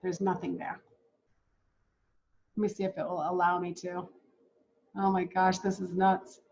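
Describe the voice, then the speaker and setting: A woman coaching new travel agents in a casual, excitable way, talking straight to viewers as "guys". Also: fairly low pitch, unhurried, gravelly, muffled recording. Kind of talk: casual teaching while screen-sharing.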